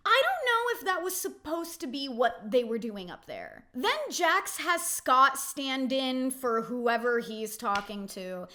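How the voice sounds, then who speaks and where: A woman recapping a reality TV episode in a casual, opinionated way, talking fast with lots of "like" and mocking quotes of the cast. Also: sits high, big pitch swings, sharp tone. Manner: chatty, frequent "like", quotes cast members in mocking voices.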